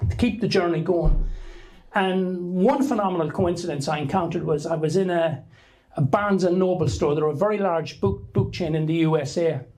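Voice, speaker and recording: The voice is high-pitched and a little mellow, heard on a low-quality recording. A middle-aged author from Ireland addresses a book launch crowd, wandering through an anecdote and frequently starting his sentences over.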